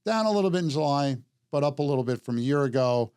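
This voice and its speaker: A man hosting a casual market talk show, joking in quick upbeat asides. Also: medium pitch, lively intonation, darkish tone, clear, resonant tone, no echo, studio quality. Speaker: podcast host. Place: studio.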